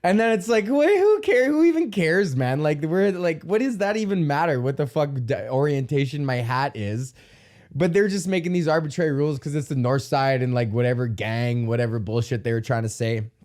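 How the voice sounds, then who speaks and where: This podcast host, a young man from Alberta, Canada, has a mid-range, darkish voice and talks at a normal speed. His storytelling is a rambling, foul-mouthed comedy rant punctuated by yelps that mimic being in pain.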